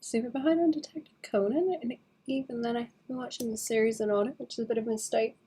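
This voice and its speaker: A young woman streamer chatting casually and rambling while she draws, sleepy and quick to laugh. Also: a little high, steady tone, dark tone, husky. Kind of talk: casual chat while drawing.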